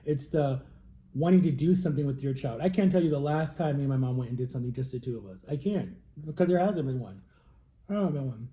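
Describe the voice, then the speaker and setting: A man's voice: mid-range voice, lively intonation, quick pace, mellow. A man in his thirties talking openly and emotionally in a personal vlog, with emphatic repetitions. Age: 30s. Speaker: vlogger.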